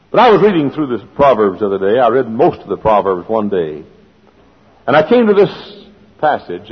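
A man's voice: mid-range voice, breathy edge. A man preaching a sermon, moving from folksy storytelling to fervent preaching. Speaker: pastor. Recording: dull lo-fi sound with long hall reverb.

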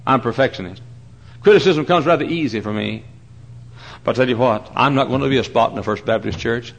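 A man preaching a sermon from the pulpit of a large church. He hammers the congregation with repeated questions and swings from hushed asides to loud preaching. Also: mid-range voice, normal speed, husky. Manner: emphatic, presses the crowd with repeated questions. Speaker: pastor.

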